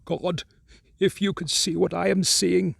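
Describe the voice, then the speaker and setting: A man voicing a terrified man calling up from a crypt, hoarse with fear and frantic as he pleads. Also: high-pitched, little pitch movement, unhurried, fairly bright tone, dry recording, clean studio sound, voice pushed up, full character voice. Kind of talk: audiobook character voice.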